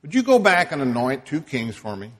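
A man's voice: lowish voice, very animated, slow pace, husky, exaggerated voice. A man voicing God as a blunt male voice urging a prophet back to work, in a reverberant hall.

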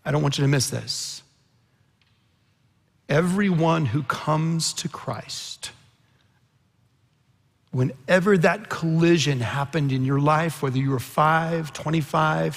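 A man's voice: on the high side, creaky, long reverb tail. A man preaching a sermon, telling a scripture story earnestly and quoting its dialogue with rising intensity. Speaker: pastor.

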